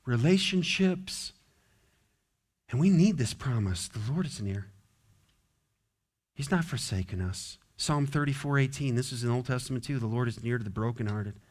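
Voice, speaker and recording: A man preaching a sermon as pastor, conversational, often acting out quotes and little scenes. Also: medium pitch.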